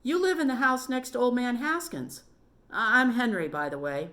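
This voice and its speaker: A woman's voice: a little high, lively intonation, normal speed, bright, forceful tone, voice pushed up. A woman voicing a friendly, curious boy who talks eagerly in a storybook reading.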